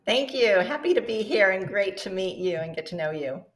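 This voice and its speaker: A woman's voice: medium pitch, expressive, moderate pace, reverberant. A woman appearing as a farmer guest on a live cooking show, friendly and easygoing.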